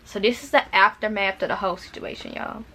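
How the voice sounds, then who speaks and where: Bright-voiced young woman. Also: medium pitch, steady tone, quick pace. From Arkansas. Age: young adult. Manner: chatty and dramatic, with repeated words and asides to viewers. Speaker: vlogger. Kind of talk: casual storytime chat.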